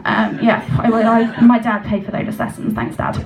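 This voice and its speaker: Young woman, stand-up storyteller, chatty and self-mocking, high voice, heard from a distance off the mic. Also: animated, normal speed, gravelly, crowd noise. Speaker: stand-up comedian.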